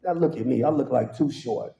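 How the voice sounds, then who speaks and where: Brief: man, very mellow dark tone, animated comic storyteller at a church service, roomy hall sound. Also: a little fast, creaky, slight background noise. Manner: animated, acts out quoted voices with sudden high pitch jumps; laughs through his own punchlines. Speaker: guest speaker at a worship service. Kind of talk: humorous storytelling testimony.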